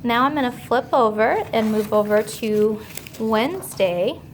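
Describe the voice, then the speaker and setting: A woman teacher giving a remote grammar lesson to young children, slow, clear and patient as she explains each step. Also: a little high, a little hiss or hum.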